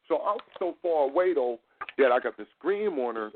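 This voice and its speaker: A man hosting a casual talk show, telling a profane, animated street-slang story. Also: a little high, fairly quick. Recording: tinny phone-like sound.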